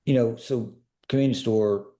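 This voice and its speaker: A man's voice: mid-range voice, steady tone, normal speed, dark tone. A man, a personal security expert, speaking as a podcast guest and telling stories in an earnest, emphatic way, pressing listeners with repeated questions. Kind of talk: storytelling in a casual interview.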